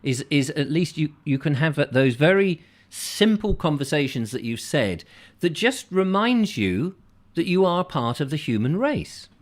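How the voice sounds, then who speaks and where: A man's voice: on the high side, big pitch swings, a little slow. A middle-aged English man hosting a comic live chat show, rambling and acting out chatty shop exchanges. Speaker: host.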